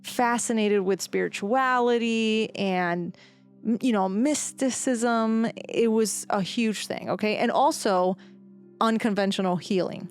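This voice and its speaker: Soft music underlies a woman's clear, resonant, fairly high voice as she unhurriedly presents history research as a podcast co-host. She chats animatedly with lots of fillers and acts out quoted voices.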